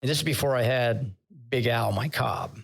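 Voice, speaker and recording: A retired vice admiral, older and appearing as a podcast guest, speaks at normal speed in a mid-range voice that is gravelly with a breathy edge. He tells candid interview stories and grows emotional recalling his sailors.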